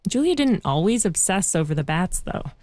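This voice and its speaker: A woman reporter giving a measured, scripted narration for a news feature. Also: fairly low pitch, sing-song, darkish tone, dry recording. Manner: measured, clear storytelling delivery.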